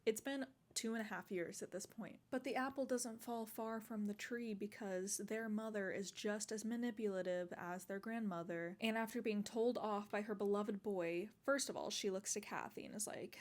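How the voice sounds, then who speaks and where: A woman's voice: mid-range voice, steady tone, normal speed. Chatty woman recapping a book. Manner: chatty, exclamatory, many "like" fillers. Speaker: book vlogger. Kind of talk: casual book recap vlog.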